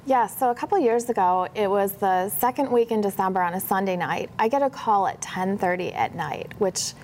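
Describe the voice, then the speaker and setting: A woman's voice: medium pitch, normal speed, slight background noise. Chatty woman telling a story. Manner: animated, acts out dialogue in a brighter voice. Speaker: professional organizer. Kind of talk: casual interview storytelling.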